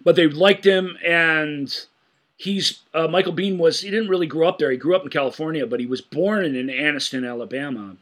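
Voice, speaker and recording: Male podcast co-host, bright tone, eager and excitable, trips over his words when excited. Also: a little high, normal speed. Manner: enthusiastic, animated retelling with frequent stammered restarts. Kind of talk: casual film-discussion podcast chat.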